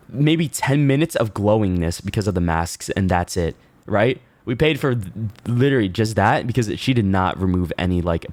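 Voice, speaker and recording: A man streaming, telling a story in casual chat, animated and laughing, swearing freely with many fillers. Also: lowish voice, no echo.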